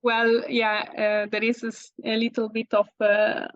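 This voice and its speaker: A woman from Italy speaking English with an Italian accent, a guest in an interview, talking in halting phrases with fillers and self-corrections. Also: on the high side, monotone, no room sound, lo-fi sound. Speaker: guest landscape photographer. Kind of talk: casual interview.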